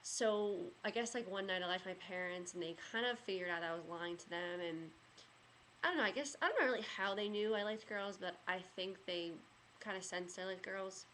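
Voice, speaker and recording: A young woman vlogs a casual story in a mid-range, brisk, slightly bright voice, with a little hiss or hum in the recording. She rambles, leaning hard on "like" and "you know," and grows emotional until she gets choked up.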